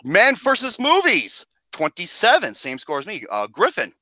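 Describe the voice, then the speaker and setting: A man hosting a movie podcast, talking loudly in crude, excitable, joking banter. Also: sits high, normal speed, no room sound, poor audio. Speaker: podcast host. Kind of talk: casual chat.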